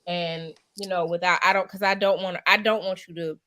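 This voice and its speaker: A woman co-hosting a podcast in casual chat, speaking in a measured way and often restarting her sentences. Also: on the low side, fairly even intonation, pushed and bright. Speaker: podcast co-host.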